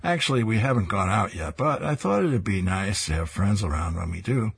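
A man's voice: on the low side, animated, fairly quick, vocal fry, husky, exaggerated voice. A man voicing a nervous office worker in a comic strip, explaining eagerly. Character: nervous office man planning double date.

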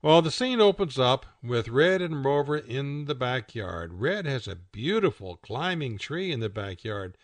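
A man's voice: mid-range voice, a little slow, few pauses, dry recording. A man hosting a radio show, casually describing comic strips aloud and laughing at the jokes. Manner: relaxed, chatty, laughs at the jokes.

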